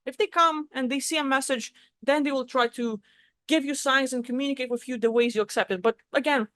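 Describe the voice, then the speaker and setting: A woman's voice: sits high, steady tone, a little fast, a bit bright, no echo. A woman giving a casual, blunt spoken talk on spiritual practice, swearing freely as she explains. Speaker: spiritual vlogger. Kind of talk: casual teaching monologue.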